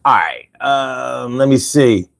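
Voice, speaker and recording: A man's voice: mid-range voice, expressive, slow pace, vocal fry, fairly bright tone. A man hosting a livestream podcast, chatting casually and reading viewer comments with loose, profane banter.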